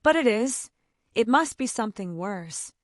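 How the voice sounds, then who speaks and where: Woman doing a weepy worried mom, moaning and sobbing, lively pitch, dry sound. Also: unhurried, no room sound. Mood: tearful. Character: tearful, fretful middle-aged mother.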